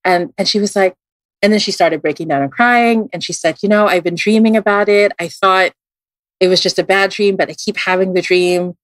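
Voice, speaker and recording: A woman's voice: a little fast, no echo. A woman with a Filipino accent, a tarot reader guest on a podcast, telling a story casually with lots of fillers and restarts, and acting out the voices she quotes. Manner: animated, acts out quoted voices with big jumps in pitch.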